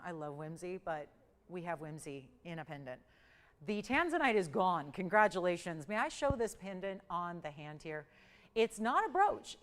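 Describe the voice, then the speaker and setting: A woman hosting a live TV jewelry sale, chatty and jokey, running auction countdowns with sudden excited jumps in her voice, recorded in a TV studio on a lapel mic. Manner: chatty, animated, jokey, pitch swings up for countdowns. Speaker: shopping channel host.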